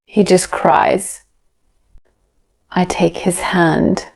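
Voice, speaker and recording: A woman's voice: lowish voice, little pitch movement, extremely slow, vocal fry, darkish tone. A woman narrating a graded storybook for English learners in a careful, evenly paced reading.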